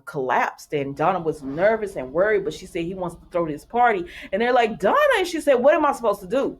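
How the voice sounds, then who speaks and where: Chatty woman recapping a soap. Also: on the low side. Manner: chatty, animated retelling with laughs and acted quotes. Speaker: soap opera recap vlogger. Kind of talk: casual recap chat.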